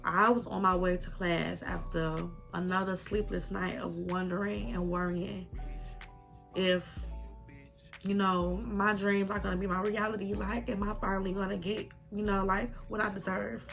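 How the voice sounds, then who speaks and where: A woman's voice: medium pitch, level tone, moderate pace, creaky, a bit bright. Young woman vlogger talking to the camera, teary and crackly, keeps saying y'all, faint music under her. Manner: heartfelt, repetitive, addresses viewers as y'all. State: tearful, voice crackling. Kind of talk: emotional personal testimony vlog.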